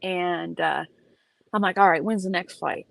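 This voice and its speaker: A young woman tells a story in a casual vlog, swearing freely and leaning hard on her words. Her voice sits a little low for a woman. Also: measured pace, vocal fry, no room sound. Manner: animated, profane, emphatic retelling. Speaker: vlogger.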